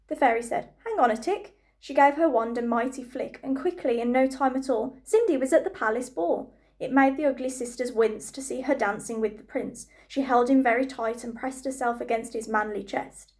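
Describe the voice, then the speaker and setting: A woman reading a rhyming storybook aloud to children with a lively, rhythmic delivery. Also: fairly high pitch, normal speed.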